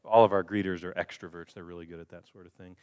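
A male pastor preaching a sermon, swinging from quiet, slow passages to loud, high emphasis and acting out quoted voices. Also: little pitch movement, clear, resonant tone. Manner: acts out quoted voices of the congregation. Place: church.

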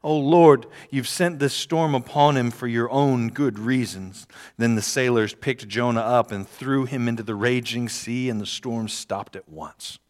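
A man's voice: medium pitch, a little slow, a little mellow. A man preaching a sermon, reading scripture aloud and repeating key phrases for emphasis. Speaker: pastor. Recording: long hall reverb.

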